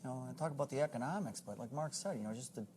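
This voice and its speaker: A man who serves as a city mayor, answering in a conversational interview in a halting, earnest way and often repeating words. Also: medium pitch, animated, darkish tone, slight background noise.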